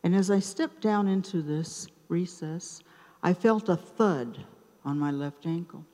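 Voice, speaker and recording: A woman in her seventies telling a personal story at an open mic night in a theater, taking her time with dramatic pauses between short phrases. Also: on the low side, warm tone. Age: 70s. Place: theater stage. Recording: reverberant live theater sound.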